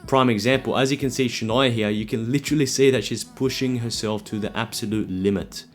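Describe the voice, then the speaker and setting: A man's voice: medium pitch, steady tone, a little fast, faint music behind. A young Australian man giving playful, teasing workout commentary and tips as a voice-over. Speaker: fitness vlogger.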